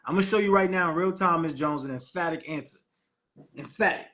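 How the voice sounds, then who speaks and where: A man's voice: a little high, fast, fairly bright tone. A man hosting a live call with preachy, hyped motivational talk. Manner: preachy, hyped, calls the audience Queen.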